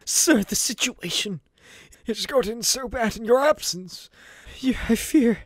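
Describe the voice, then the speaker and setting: A man's voice: very high voice, animated, a little slow, dry recording, clean studio sound, voice pushed up, heavily acted. A man voicing a loyal, devoted elderly male butler who stammers and pleads, in a comic recap. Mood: pleading. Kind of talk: comedic comic recap voice acting.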